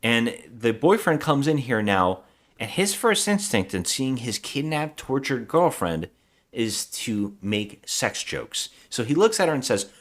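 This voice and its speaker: A podcast co-host with a medium-pitched, sing-song voice takes his time recapping a movie plot in a rambling, casual way. He acts out quotes and swears along the way.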